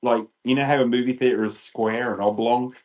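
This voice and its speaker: A British man in his fifties, a podcast guest telling lively anecdotes and acting out quotes. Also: mid-range voice, a little fast, lo-fi sound. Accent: British English. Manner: animated, acts out quotes. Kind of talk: storytelling chat.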